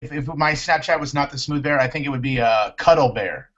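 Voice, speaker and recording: A man's voice: mid-range voice, brisk, fairly bright tone, dull audio. A man hosting a casual show, joking playfully with his guests. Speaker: show host. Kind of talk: casual chat.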